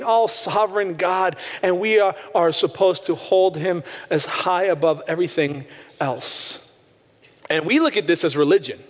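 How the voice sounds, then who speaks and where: High-voiced male pastor preaching in a hall. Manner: impassioned preaching, slowing to stress key phrases. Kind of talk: sermon. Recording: long hall reverb.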